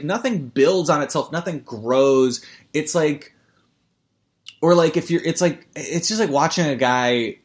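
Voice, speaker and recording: Rambling, profane podcast man. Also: a little high. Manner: rambling, stammering, profane, jumps to mock ad reads. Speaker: podcast host. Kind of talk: rambling comedic podcast chat.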